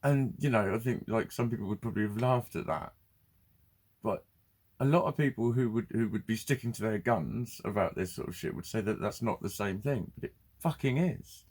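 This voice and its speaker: A man's voice: fairly low pitch, lively intonation, normal speed, darkish tone, husky. A man ranting bluntly and swearing in a casual vlog. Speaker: vlogger. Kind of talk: casual ranting monologue to camera.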